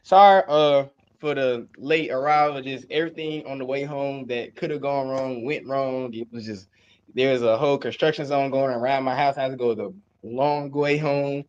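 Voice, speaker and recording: A man's voice: mid-range voice, steady tone, normal speed, a little mellow, muffled recording, a little hiss or hum. Playful young man. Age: early 20s. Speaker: podcast co-host. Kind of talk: casual sports podcast chat. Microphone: home mic, remote call.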